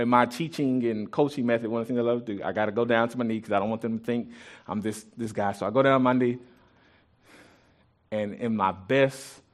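Animated man preaching a sermon. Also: medium pitch. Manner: animated preaching with sudden jumps in loudness and frequent restarts; conversational and joking with the congregation. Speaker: pastor and youth track coach. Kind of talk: sermon, Bible teaching with personal stories.

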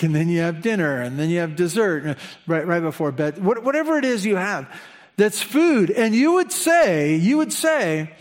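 A man preaching a conversational sermon, asking the listeners questions and slipping in chatty asides. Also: on the high side. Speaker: pastor.

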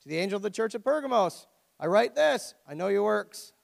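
High, gravelly preacher man. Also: very animated, fairly quick. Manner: conversational preaching with rhetorical questions and humour. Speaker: pastor. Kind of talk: sermon. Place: church. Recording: long church hall reverb.

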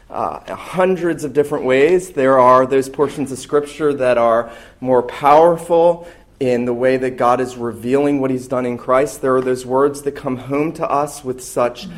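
Earnest man preaching a sermon. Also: medium pitch. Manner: earnest, emphatic preaching with slow stressed phrases. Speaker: pastor.

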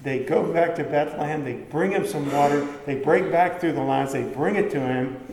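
A man's voice: fairly high pitch, moderate pace, a crowd in the background. A man preaching a sermon in a conversational way, asking the listeners questions and answering them himself. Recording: echoey hall with faint background ambience.

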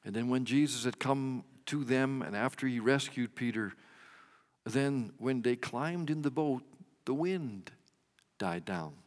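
A man delivering a sermon at an unhurried, deliberate pace, his voice in the middle range. He swells to emphatic peaks and lets line endings fall away. The sound carries a long reverb, as in a large hall. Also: medium pitch, lively intonation. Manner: measured preaching with emphatic swells and dropped endings. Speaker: pastor.

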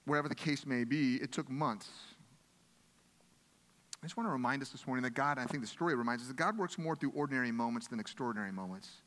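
A man's voice: mid-range voice, fast talker, a bit bright, in a large hall. A pastor preaching a sermon in an earnest, conversational way, often restarting his phrases.

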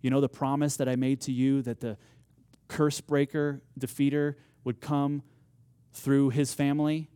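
A man's voice: medium pitch, level tone, a little slow, warm tone, smooth, no room sound. A man preaching a sermon, telling a story with rising emphasis and acted-out quotes. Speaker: pastor.

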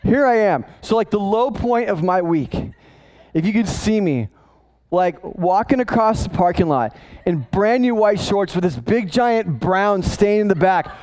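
Male pastor, high voice, animated storytelling sermon. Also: unhurried, low-quality recording. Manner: animated storytelling, casual asides.

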